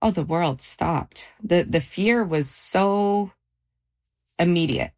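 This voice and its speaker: A woman's voice sits low and carries a rough, gravelly edge. She recounts her own experience for a radio interview in a measured way, pausing and restarting as she goes. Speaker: interview guest, mother. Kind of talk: personal account in a radio interview.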